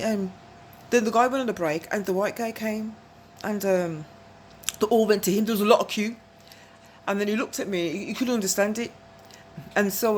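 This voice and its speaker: Over slight background noise, a woman with a medium-pitched voice delivers a casual, meandering story to camera. She frequently asks whether you're keeping up and slips laughter in between phrases.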